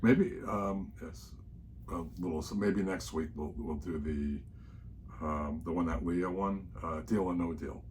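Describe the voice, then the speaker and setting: A man's voice: low-pitched, a little mellow, a little hiss or hum. Laid-back man with a Long Island accent. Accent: Long Island New York. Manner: laid-back, brief interjections, slightly halting. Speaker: travel vlog co-host. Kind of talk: casual chat. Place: cruise ship cabin.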